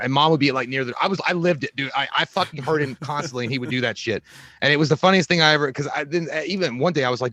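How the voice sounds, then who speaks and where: A man co-hosting a movie podcast, at a middling pitch, rambles through profane stories. His voice is dry and close, with no room around it. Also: fast talker, pushed and bright, no room sound. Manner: rambling, profane storytelling with acted-out quotes. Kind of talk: casual chat.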